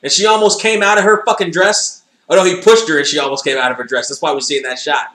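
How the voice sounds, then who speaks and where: A man's voice: on the high side, little pitch movement, fast, sharp tone, echoey room. A man casually reacting to old wrestling footage, sarcastic and joking, swearing freely. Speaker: commentator watching wrestling footage.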